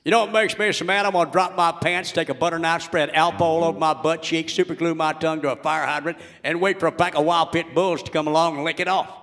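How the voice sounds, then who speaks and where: A man voicing a crude, indignant middle-aged everyman who rants in a comedic monologue and shouts his punchlines. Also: on the high side, fairly even intonation, fast, few pauses. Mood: ranting.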